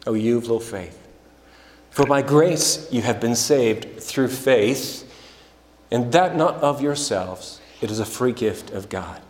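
A man preaching a sermon in a church, slow and deliberate, building to emphatic passages. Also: mid-range voice. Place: church sanctuary. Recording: echoey hall with long reverb.

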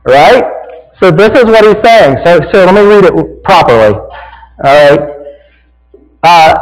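A man's voice: sits high, expressive, moderate pace, long reverb tail, poor audio. A man with a Southern American accent preaching a sermon as a pastor, in a folksy, conversational way that keeps checking in with "right?".

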